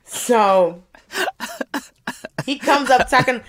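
Woman co-host, thirties, comedic storyteller, mid pitch, does little voices mid-anecdote. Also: fast talker. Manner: animated storyteller, acts out voices. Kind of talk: casual comedic chat.

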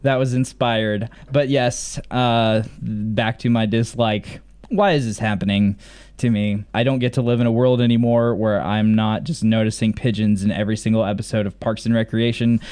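A man's voice: on the low side, steady tone, moderate pace, a little mellow. A man co-hosting a podcast in casual recap chat, with dry, wry complaints. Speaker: podcast co-host.

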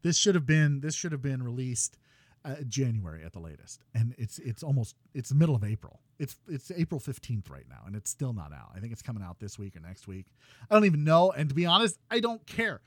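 Animated, chatty man on a podcast. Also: medium pitch, fairly quick, no room sound. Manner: animated, laughing, rambling with restarts. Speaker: podcast co-host. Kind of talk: casual gaming podcast chat.

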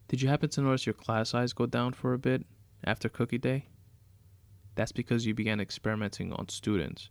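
A man's voice: fairly low pitch, dry recording, lightly acted. A man reading a horror story aloud, voicing a vengeful scheming woman who taunts her captive in a sarcastic, mocking way.

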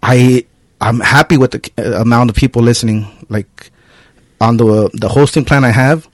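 A man's voice: mid-range voice, steady tone, moderate pace, no room sound. A man hosting a podcast in a loose, casual chat, rambling with lots of filler words. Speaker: podcast host. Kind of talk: casual conversational interview.

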